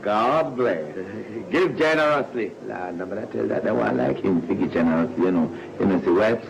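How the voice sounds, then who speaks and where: A wheedling Jamaican church treasurer. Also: male voice, lowish voice, lively intonation, normal speed, gravelly, dull audio. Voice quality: chummy, wheedling, chuckling asides. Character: scheming sweet-talking male church treasurer. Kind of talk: sitcom acting. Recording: noisy old TV recording.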